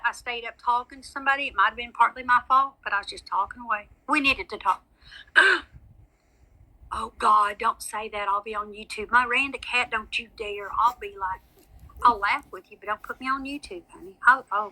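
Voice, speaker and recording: Bright, chatty woman on a livestream. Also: a little high, rough recording. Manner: chatty and rambling, showers viewers with endearments like honey and sweetie. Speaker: psychic medium livestreaming to viewers. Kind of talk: casual livestream chat.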